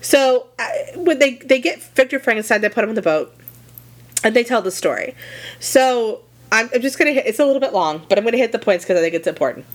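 A young adult woman co-hosting a podcast, retelling a classic story in a casual, animated way with swearing and lots of fillers. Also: a little high, quick pace. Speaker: podcast co-host.

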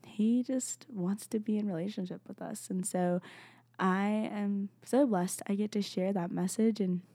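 A young woman talks through a casual Christian encouragement podcast, gentle and rambling, filler words everywhere. Her voice is mellow and dark with lots of vocal fry, recorded dry and close. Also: medium pitch, fairly even intonation, unhurried, no room sound. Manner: gentle, rambling, heavy use of "like". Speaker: podcast host.

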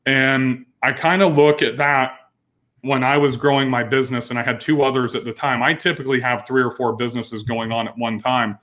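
A man's voice: medium pitch, steady tone, fairly quick, fairly bright tone. Earnest man telling his story. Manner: earnest, frank, with frequent restarts. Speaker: entrepreneur guest. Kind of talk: candid interview storytelling.

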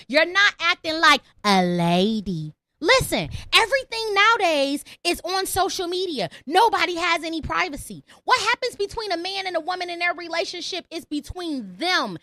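A woman's voice: very high-pitched, very animated, normal speed, pushed and bright, no room sound. A young woman hosting a call-in podcast, ranting brashly and profanely at her listeners. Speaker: podcast host.

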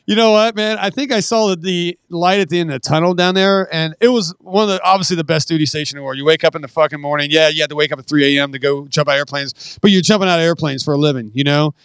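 A man's voice: on the high side, fairly even intonation, fast, few pauses, a bit bright, clean tone, no echo. A retired Marine man in his forties telling rambling, profane war stories in a casual podcast interview.

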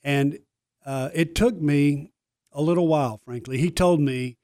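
A man's voice: a little high, unhurried, a little mellow, no echo, clean studio sound. Older man telling stories. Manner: storytelling, humble and self-deprecating. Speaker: guest, former player and broadcaster. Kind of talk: casual studio interview. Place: radio studio.

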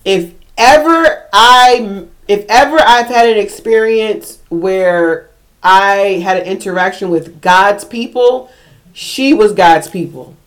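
A woman co-hosting a podcast, telling a story in casual chat, animated and emotional, sometimes breaking into yelling. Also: mid-range voice, slow. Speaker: podcast co-host.

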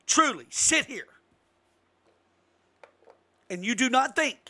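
A man giving an impassioned political monologue as host, emphatic and given to sudden loud outbursts. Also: very high-pitched, expressive, takes it slowly.

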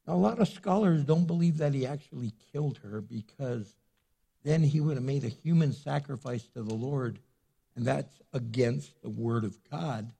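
A man's voice: medium pitch, moderate pace, vocal fry, dark tone, breathy edge. A man preaching a sermon as pastor, retelling a story in a casual way with many restarts.

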